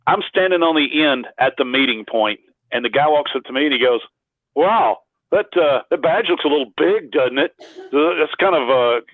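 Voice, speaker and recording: A man's voice: medium pitch, dry recording, narrow, tinny audio. A man, a cosplayer, telling rambling anecdotes as an interview guest, often restarting his sentences. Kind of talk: casual interview storytelling.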